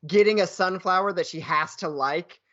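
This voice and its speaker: Casual podcast co-host, man in his thirties, joky and upbeat, slightly higher voice, muffled lo-fi sound. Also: moderate pace, pushed and bright. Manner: laughs often, jokey, puts on a booming game-show voice at times. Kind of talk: casual chat.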